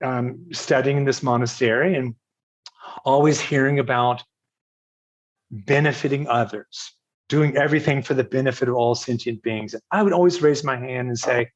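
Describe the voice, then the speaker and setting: An older man from Virginia, a podcast guest telling a personal story in a halting, self-correcting way with frequent laughs. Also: mid-range voice. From Virginia, USA. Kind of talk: casual storytelling interview.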